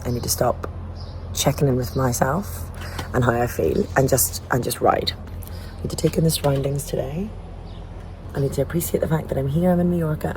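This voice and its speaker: A woman's voice: sits low, background noise. A woman in her forties talking candidly to a camera on a bike ride outdoors, questioning herself, laughing often and sometimes getting emotional. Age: 40s. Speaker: vlogger training for a cycling event. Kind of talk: candid self-filmed monologue. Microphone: small camera carried while cycling.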